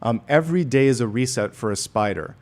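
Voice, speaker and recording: A man talks through a tarot reading in a relaxed, chatty manner, circling back and restarting his phrases. His pitch sits in a middle range for a man. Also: fairly quick. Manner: gentle and conversational, with frequent restarts. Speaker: tarot reader. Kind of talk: casual spoken tarot reading.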